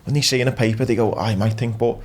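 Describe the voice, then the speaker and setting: A man's voice: medium pitch, fairly even intonation, very fast, darkish tone, slight background noise. A man hosting a podcast, asking questions in a laid-back, slangy way. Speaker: podcast host. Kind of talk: casual chat.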